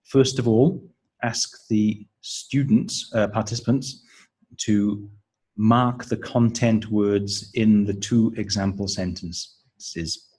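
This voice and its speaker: A man leads a pronunciation lesson for teachers, speaking slowly and deliberately as he models intonation and counts out syllables. His voice sits fairly low and has a husky edge. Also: fairly even intonation, darkish tone, rough recording. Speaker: teacher trainer.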